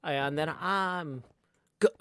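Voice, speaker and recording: A man's voice: on the high side, very slow, pushed and bright, smooth, no room sound, clean studio sound. A man casually chatting and calling his moves while streaming a card game, joking as he goes. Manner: playful, chatty, joking asides. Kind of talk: casual live-stream chat and play-by-play.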